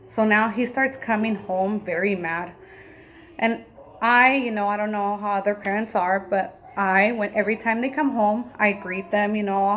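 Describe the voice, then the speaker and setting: A woman's voice: mid-range voice, normal speed, a little hiss or hum. A woman in her thirties, a mother, telling a personal story in a casual, emotional way, often acting out what people said. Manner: emotional, animated retelling with quoted dialogue. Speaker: mother and vlogger.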